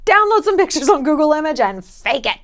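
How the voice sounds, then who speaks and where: A woman's voice: high-pitched, big pitch swings, fairly quick. A woman travel vlogger giving casual advice in a blunt, jokey, sometimes profane way.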